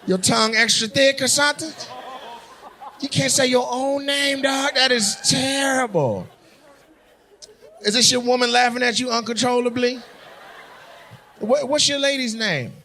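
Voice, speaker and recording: A male stand-up comedian doing loud, teasing crowd work, often laughing as he talks. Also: very high voice, a little hiss or hum.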